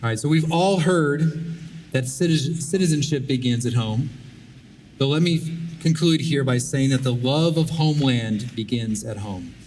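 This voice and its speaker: A man's voice: mid-range voice, moderate pace, darkish tone. A man giving a prepared public speech, earnest and exhorting, repeating key phrases. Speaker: conference speaker. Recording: distant mic with faint background noise.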